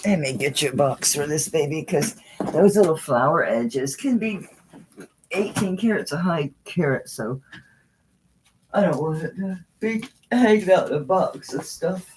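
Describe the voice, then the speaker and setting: A woman hosts a live jewelry auction stream, showing off and pricing items as she goes. Her pitch bounces up and down in a lively, animated way, and her casual talk is peppered with mild swearing. She sounds a bit worn out. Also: unhurried, a little hiss or hum. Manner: chatty and salty, with frequent mild swearing; animated, talking while handling and showing items. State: tired and yawning late in the stream.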